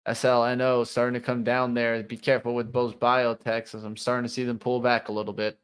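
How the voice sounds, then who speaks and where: A man's voice: medium pitch, completely flat delivery, fairly quick, smooth. A man co-hosting a live trading show, giving running play-by-play of price moves and his trades. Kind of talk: live market commentary.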